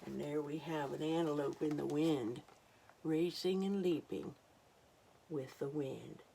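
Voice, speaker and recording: A woman reading a picture book aloud to children, with gentle exclamatory asides. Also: low voice, unhurried, creaky, slight background noise. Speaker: storytime reader.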